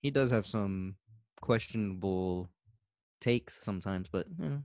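A man's voice: sits low, a little slow, a little mellow, no echo, studio quality. A man co-hosting a podcast in casual chat, laid-back, swearing freely and trailing off with laughs. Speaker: podcast co-host.

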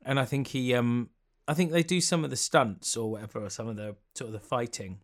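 A man's voice: mid-range voice, brisk. A man co-hosting a casual comedy chat, telling a story and building on the others' jokes. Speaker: podcast co-host.

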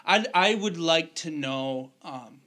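A man hosting a casual conversation, asking curious, gentle questions. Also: fairly high pitch, lively intonation, takes it slowly. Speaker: podcast host. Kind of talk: casual chat.

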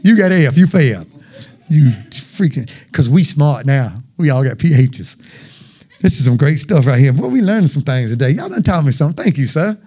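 A man's voice: a little high, lively intonation, a little fast, mellow, slightly rough. A man preaching an informal, joking sermon with call-and-response.

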